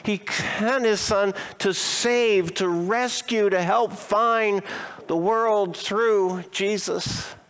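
A male pastor preaching a sermon expressively, asking his listeners rhetorical questions and slowing down to stress key phrases. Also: high voice, fairly even intonation, a bit bright, smooth.

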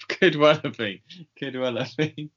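Podcast co-host, man, bright tense tone, wry and laughing, muffled lo-fi audio. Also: medium pitch, slow, slightly rough. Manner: wry, laughing, animated when opinionated. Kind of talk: casual chat.

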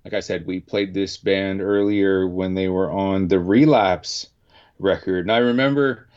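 A man's voice: deep voice, steady tone, measured pace, clear, resonant tone. A Canadian man hosting a radio show, chatting casually and rambling with many restarts. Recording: dull lo-fi sound.

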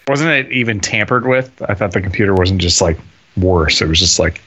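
Joking man, bright and animated. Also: low voice, brisk, slightly rough, muffled recording. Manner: joking, laughs often. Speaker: book club podcast co-host. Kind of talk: casual book discussion.

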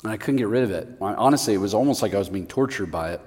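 A middle-aged male preacher telling a personal story in a sermon, animated and self-mocking. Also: on the low side, racing, husky. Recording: long reverb of a large hall.

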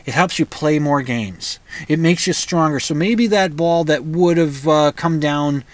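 A man's voice: on the high side, unhurried, no room sound. A man hosting a podcast, talking in a rambling, opinionated monologue with frequent restarts. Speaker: podcast host. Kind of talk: casual monologue.

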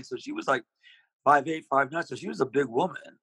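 Husky-voiced man telling stories. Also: fairly high pitch, fairly quick, dry recording, poor audio. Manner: rambling, animated, with many restarts. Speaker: interview guest, singer. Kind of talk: casual storytelling.

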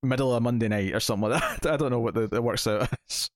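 A man's voice: medium pitch, quick pace, dry recording, clean studio sound. A man co-hosting a podcast, chatting casually and reading out thanks, with many fillers and restarts. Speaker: podcast co-host. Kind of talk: casual podcast chat and outro.

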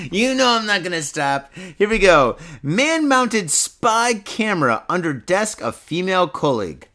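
A drunk podcast host rambles about news stories he's reading, swearing a lot and laughing at his own jokes. His voice sits high and is sing-song, slow and sharp in tone.

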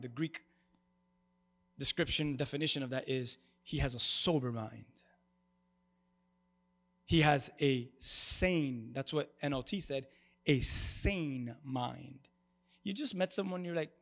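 A male pastor preaching an animated sermon to a congregation and calling for their responses. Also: on the high side, slow, gravelly, pauses often. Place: church before a congregation.

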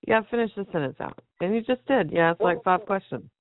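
A man's voice: high voice, lively intonation, fast, no echo. A man calling into a talk show who argues and picks at what is said. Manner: argumentative, nitpicking. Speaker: caller. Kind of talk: call-in radio chat. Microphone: phone. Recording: dry, phone-like line.

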